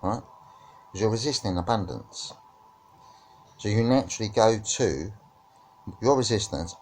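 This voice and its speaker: A man's voice: lowish voice, lively intonation, unhurried, pauses often, soft background music. A man teaching about witchcraft and spirituality in a reflective discussion, often checking in with "right?" and "yeah?".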